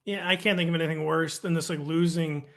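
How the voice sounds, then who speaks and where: A man's voice: fairly high pitch, steady tone, fast talker, gravelly, a bit bright. A man in his thirties co-hosting a casual, joking football chat, rambling with fillers. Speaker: fantasy football analyst co-host.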